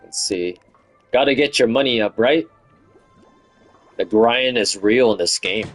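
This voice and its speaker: Guy streaming a game, lowish voice, kinda worn out, chatty and laughing a lot, faint music under him. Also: unhurried. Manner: chatty, laughs often, hums along. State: voice fatigue. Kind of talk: casual gameplay commentary.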